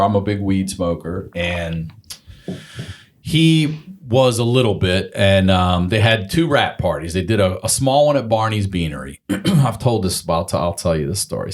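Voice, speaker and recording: A male comedian telling a long, animated story in casual chat, swearing freely and acting out the people he quotes. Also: sits low. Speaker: guest comedian.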